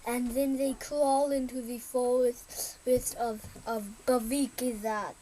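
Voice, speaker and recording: A young woman co-hosting a podcast, telling the plot in a halting way, repeating words and bantering playfully. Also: fairly high pitch, little pitch movement, background noise. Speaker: podcast co-host. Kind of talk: casual movie recap chat.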